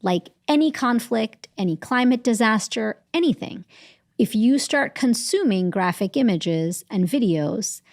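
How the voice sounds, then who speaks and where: A woman who is a medical correspondent and author, explaining the science clearly and calmly in an interview. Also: on the high side, a little slow, dry recording, studio quality. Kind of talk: expert interview answers.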